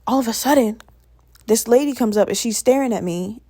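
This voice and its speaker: A Virginian podcaster in her twenties, her voice a little high, dark in tone and brisk, chats through her solo show in a profane, rambling way. The recording is dry and studio quality.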